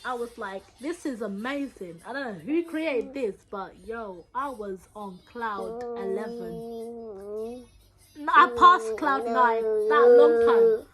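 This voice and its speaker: A young woman, telling a story in a casual, slangy and animated way, acting out what people said. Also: a little high, slow, over loud music. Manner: animated, acts out quotes with loud bursts and laughter; slangy, repetitive phrasing. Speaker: vlogger.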